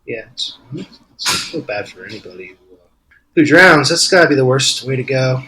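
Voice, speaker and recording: A man's voice: medium pitch, lively intonation, brisk, heavy background noise. A man with a New Jersey accent, a guest author telling a rambling story in casual podcast chat, laughing easily.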